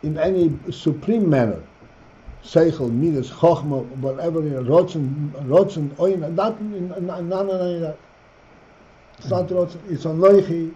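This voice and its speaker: A man teaching a Torah class as rabbi, reading phrases slowly and explaining them. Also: a little high, warm tone. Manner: reads Hebrew phrases slowly, then explains in English. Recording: dull lo-fi class recording.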